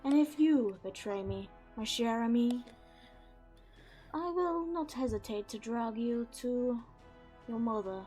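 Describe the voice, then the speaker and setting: A woman voicing a scheming male elf noble with a thick, French-sounding accent, speaking slowly and formally. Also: on the high side, expressive, warm tone, faint music behind. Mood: threatening.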